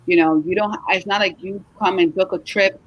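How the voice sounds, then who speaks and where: A middle-aged travel agency owner hosts a casual live chat in a mid-range voice, muffled in the recording. Tired but chatty, she stays animated and encouraging, drawing out emphatic words.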